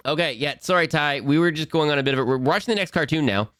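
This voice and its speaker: A man's voice: fairly high pitch, quick pace, a bit bright, no echo, studio quality. A man hosting a cartoon watch-along stream from home at his computer, rambling and giggling as he answers chat. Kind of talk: casual live-stream chat.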